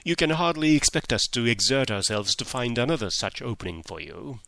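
A man voicing a sharp, cold woman who runs an agency, in a storybook reading. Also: medium pitch, lively intonation, fairly quick, gravelly, no room sound. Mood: curt.

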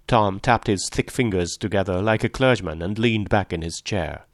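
A man narrating a classic novel in a measured, low-key reading. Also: dry recording, studio quality. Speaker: audiobook narrator. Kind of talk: literary audiobook narration.

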